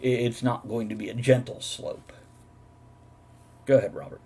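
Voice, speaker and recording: A man's voice: mid-range voice, fairly even intonation, moderate pace, dark tone, slightly rough. A man running a tabletop game as game master, who explains the scene methodically and laughs often.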